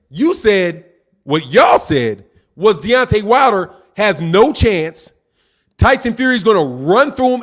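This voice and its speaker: Animated high-voiced man trash-talking. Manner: combative, teasing, repeats "man" and "dog". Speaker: boxing channel host. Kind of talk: live stream commentary, reading chat.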